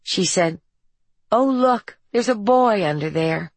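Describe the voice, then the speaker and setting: Woman doing a troubled teen boy, earnest and halting, low gravelly voice, dry audiobook read. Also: expressive, dry recording. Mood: wistful. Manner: earnest, halting confessional telling.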